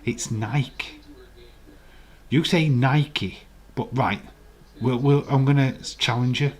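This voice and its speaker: A man's voice: medium pitch, moderate pace. A man with a Yorkshire accent, hosting a live watch-along stream and chatting casually, teasing viewers in the chat. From England.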